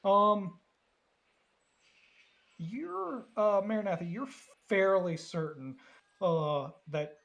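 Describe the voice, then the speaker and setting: A man's voice: high-pitched, lively intonation, extremely slow, gravelly, long pauses, a bit bright, dull audio. A man narrating as game master of a tabletop game, laughing often. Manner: laughs often, hesitant with fillers.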